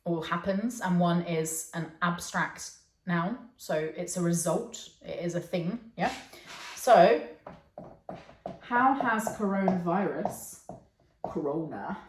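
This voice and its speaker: An English teacher with a voice on the low side takes things slowly during an online lesson, recorded in an echoey room with slight background noise. Patiently, she checks in with learners by saying "okay" and "yeah."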